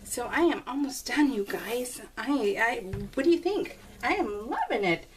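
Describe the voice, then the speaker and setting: A woman's voice: a little high, animated, normal speed. A woman in her forties chatting to her viewers while scrapbooking, gushing and laughing often. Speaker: scrapbooking vlogger. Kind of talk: casual chat to viewers while crafting. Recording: slightly distant mic, faint background noise.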